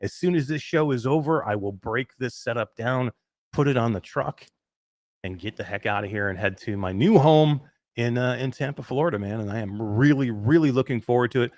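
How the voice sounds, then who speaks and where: Excitable New York host, dry sound. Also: male voice, mid-range voice, brisk, dry recording. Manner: excitable, rambling with fillers. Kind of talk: live podcast chat. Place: emptied home den.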